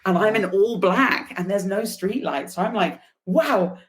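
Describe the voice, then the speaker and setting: A woman guest on a podcast, telling a personal story in an animated, chatty way with laughs and fillers. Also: medium pitch, measured pace. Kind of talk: casual storytelling interview.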